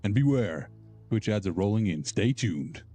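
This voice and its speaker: A man doing a slow, dramatic movie trailer announcer voice as a joke while streaming a game. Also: lowish voice, lively intonation, mellow, soft background music, lightly acted. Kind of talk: mock movie trailer narration.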